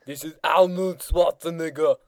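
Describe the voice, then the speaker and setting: Young man doing a loud, stilted Austrian action-star impression. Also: on the high side, fairly even intonation, moderate pace, no room sound, clean studio sound, lightly acted. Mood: deadpan prank. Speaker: prank caller.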